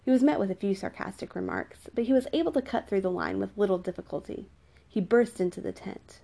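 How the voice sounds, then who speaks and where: A woman narrating a novel in an even storytelling manner. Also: medium pitch, a little fast, creaky. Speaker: audiobook narrator. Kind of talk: scripted narration.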